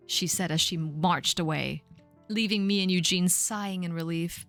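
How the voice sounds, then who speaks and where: A woman in her thirties on a live stream, reading her old fan fiction aloud with self-mocking asides and squeaky sound effects. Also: moderate pace, fairly bright tone, faint music behind. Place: home streaming setup.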